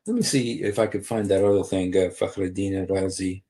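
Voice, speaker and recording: A man's voice: low voice, steady tone, moderate pace, dark tone. A man hosting a casual livestream, rambling with many fillers and restarts. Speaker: livestream host.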